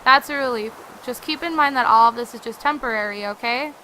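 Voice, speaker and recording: A woman reading the lines of a blunt, weary middle-aged mother aloud from a game, with loud exasperated outbursts. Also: on the high side, brisk, slight background noise, poor audio. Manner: blunt, exasperated, raises her voice often.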